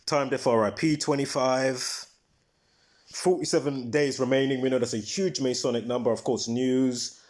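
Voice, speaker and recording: A man's voice: mid-range voice, fairly even intonation, normal speed, darkish tone. A man hosting a casual livestream, talking in a rambling, emphatic way and breaking off mid-thought to recall details. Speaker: livestream host.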